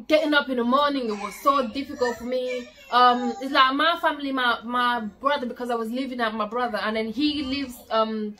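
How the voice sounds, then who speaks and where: Young woman, bright voice, fairly high pitch, casual storytime vlog, acts out quoted dialogue, loud then hushed. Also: a little hiss or hum. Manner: frequent fillers and restarts, swinging from loud to hushed. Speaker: vlogger.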